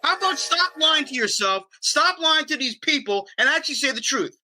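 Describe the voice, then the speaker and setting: A man's voice: extremely high pitch, expressive, normal speed, bright, forceful tone, a little hiss or hum, full character voice. A man voicing an irate, stubborn male caller who argues and scolds. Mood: indignant.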